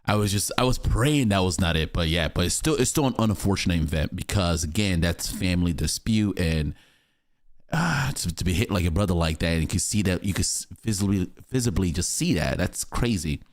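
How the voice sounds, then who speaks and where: A man with a very deep voice comments casually as a reaction show host, thinking aloud with easy fillers. His voice is recorded close and dry on a studio microphone, with no room sound. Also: animated, fairly quick, no echo. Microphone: studio broadcast mic.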